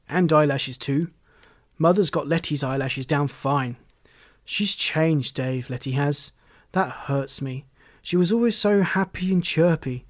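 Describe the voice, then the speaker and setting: A man's voice: on the high side, no room sound, clean studio sound, close to an everyday voice. A man voicing an eager young man. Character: young man, earnest, eager, returning home.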